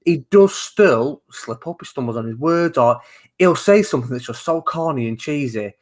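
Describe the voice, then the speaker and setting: A man co-hosting a wrestling talk show, talking in a casual, animated way that is full of swearing and false starts. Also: medium pitch, moderate pace. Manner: animated, swearing, rambling with many restarts. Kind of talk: casual chat.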